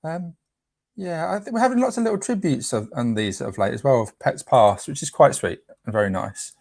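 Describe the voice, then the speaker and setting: Casting: man as a playful live stream host, mid-pitched, dry close sound, easygoing chat. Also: animated, a little fast, creaky, darkish tone, dry recording. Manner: playful, chatty, trips over names while reading.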